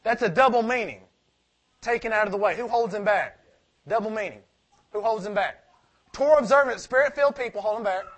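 A man preaching a sermon, swinging from loud emphatic points to quiet asides and asking rhetorical questions he answers himself. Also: high-pitched, fairly quick, long pauses.

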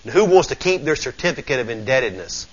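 A man preaching a sermon, fervent and folksy, moving from low murmurs to shouts. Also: big pitch swings, quick pace, breathy edge, lo-fi sound.

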